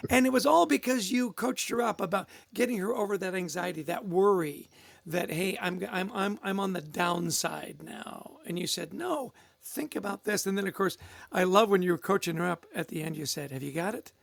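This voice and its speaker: Male podcast host, enthusiastic interviewer; higher-pitched, gravelly edge. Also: moderate pace, no echo. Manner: enthusiastic, laughs easily.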